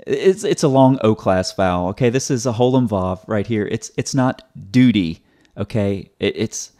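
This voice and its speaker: A man's voice: on the low side, lively intonation, normal speed, warm tone. A man hosting his own video, giving a teaching commentary in a sarcastic, explanatory way and often repeating words as he restarts. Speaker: host.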